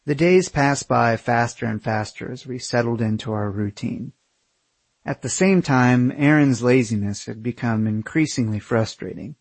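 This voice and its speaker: Husky male memoir narrator, wry and candid, dry close-miked read. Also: medium pitch, moderate pace, no echo. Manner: wry, candid, casual swearing. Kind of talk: first-person memoir narration.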